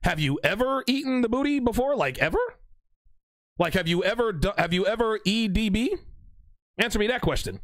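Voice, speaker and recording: A young man hosting a livestream, reading out chat messages with animated, joking banter and mock courtroom lines. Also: sits high, a little fast, dry recording.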